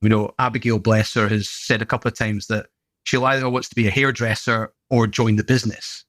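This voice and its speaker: British man, animated storyteller. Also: fairly low pitch, a little fast, no echo. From United Kingdom. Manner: animated storyteller, does playful voices. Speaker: podcast guest, gym owner. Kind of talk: casual conversation.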